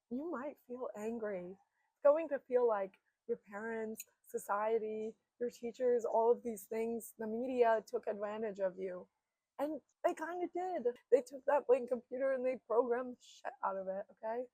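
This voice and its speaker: A young woman in her twenties talks straight to the camera in a candid, heartfelt monologue, her voice a touch high and very dry, with the room barely there. She speaks earnestly and drops the odd casual swear, sometimes close to tears. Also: dark tone, no echo, rough recording. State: emotional, near tears at times. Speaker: self-help vlogger. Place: indoors, seated in front of a camera.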